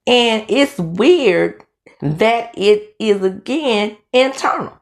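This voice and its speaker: With a medium-pitched voice and a Southern accent, a middle-aged woman from Mississippi chats in a casual commentary vlog about dental aligners. Her storytelling is animated and packed with fillers and restarts.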